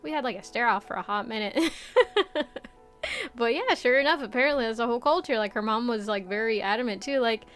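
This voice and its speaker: A young woman from the Midwest streaming a casual chat, animated and chatty, laughing often as she reads chat aloud. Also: fairly high pitch, a little fast, soft background music. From Midwest United States.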